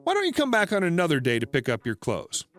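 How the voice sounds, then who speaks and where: A man voicing a calm, patient police officer in a story read aloud. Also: a little high, fast, faint music behind.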